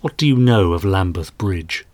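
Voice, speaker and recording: A man's voice: low-pitched, expressive, normal speed, a little mellow, no room sound, pitched below the performer's own voice. A man voicing a stern, troubled male detective inspector who gives clipped orders. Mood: seething.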